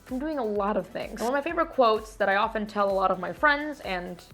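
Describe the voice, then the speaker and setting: A young woman from Miami, vlogging casually about her year, animated and emphatic, dropping Spanish words and swearing. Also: medium pitch, fast talker, soft background music. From Miami, United States. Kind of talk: casual year-end vlog.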